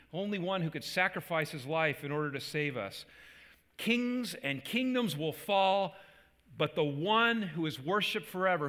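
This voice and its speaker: A man's voice: fairly high pitch, a bit bright, long reverb tail. A man preaching a sermon as a pastor, earnest, with repeated restarts and emphatic peaks.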